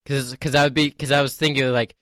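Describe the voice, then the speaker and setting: A man hosting a casual podcast interview, talking in halting bursts with lots of restarts and laughter. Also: medium pitch, little pitch movement, a bit bright, no echo, studio quality. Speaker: podcast host.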